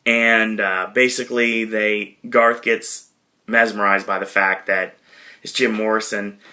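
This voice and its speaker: A man hosting a podcast, casually retelling a movie in a rambling way, with lots of fillers and quick impressions. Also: on the low side, flat delivery, bright, forceful tone. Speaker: podcast host.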